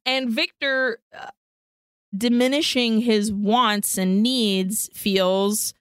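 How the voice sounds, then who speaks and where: A woman co-hosting a podcast, recapping a film in casual chat, animated, swearing freely and acting out the characters' lines. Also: fairly high pitch, drawn-out words, clear, resonant tone, no room sound, clean studio sound. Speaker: podcast co-host.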